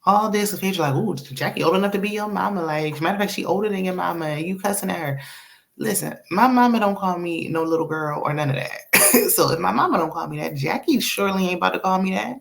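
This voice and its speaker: A woman host giving a sassy, chatty recap of a reality TV episode, with quick asides and laughs. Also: fairly low pitch, creaky. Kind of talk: casual recap commentary.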